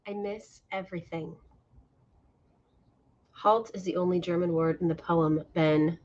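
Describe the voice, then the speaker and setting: A woman co-hosting a casual livestream, teasing and quick with comebacks. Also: on the low side, steady tone, a little mellow. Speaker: livestream co-host. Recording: lo-fi stream audio.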